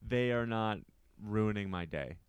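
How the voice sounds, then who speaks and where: A man with a very low, smooth, resonant voice, talking casually with a co-host. He pokes fun at himself and hammers home his points through repetition. The recording is dry and close. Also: measured pace, no echo, highs cut off. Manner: self-deprecating, repeats himself emphatically. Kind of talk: casual chat.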